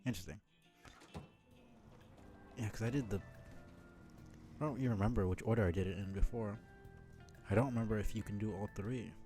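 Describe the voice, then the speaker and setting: A man's voice: lowish voice, fast talker, pauses often, warm tone, faint music behind. A man streaming a game live, chatting in a rambling, self-deprecating way with lots of fillers.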